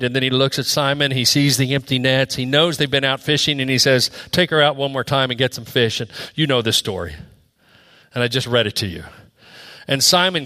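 A man preaching a sermon in church with a bright, forceful tone. He swings between loud, high-pitched emphasis and hushed, low drops in his delivery. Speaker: pastor.

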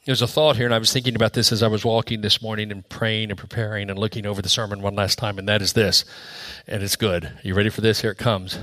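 Bright-voiced male pastor preaching dynamically. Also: level tone, quick pace, few pauses. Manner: dynamic preaching, swinging from loud high peaks to soft low drops. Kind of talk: sermon. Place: church.

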